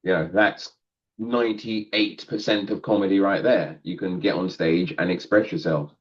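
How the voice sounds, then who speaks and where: Deep-voiced man, rambling and laughing. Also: steady tone, normal speed, lo-fi sound. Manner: rambling, self-deprecating, laughs often. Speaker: guest comedian. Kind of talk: casual podcast interview.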